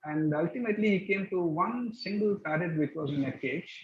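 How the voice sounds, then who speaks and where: A man's voice: high-pitched, lively intonation, a little fast, a little hiss or hum. Earnest male lecturer, lo-fi recording. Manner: earnest, explanatory, tells anecdotes. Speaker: guest speaker. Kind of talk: motivational lecture to students.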